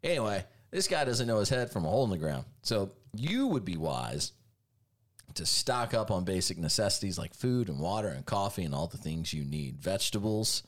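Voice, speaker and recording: Animated sarcastic male podcast host. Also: sits low, moderate pace. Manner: sarcastic, jokey, animated delivery. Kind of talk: casual podcast banter with ad reads.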